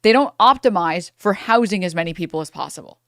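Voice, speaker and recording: A woman's voice: fairly low pitch, expressive, fast, fairly bright tone, no echo, studio quality. A young woman streamer ranting angrily in a profane reaction commentary, breaking into laughter between outbursts.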